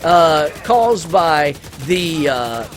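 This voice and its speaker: A man's voice: on the high side, sing-song, very slow, slight background noise. A man hosting a let's-play, chatting casually through a movie review in a rambling way with many restarts.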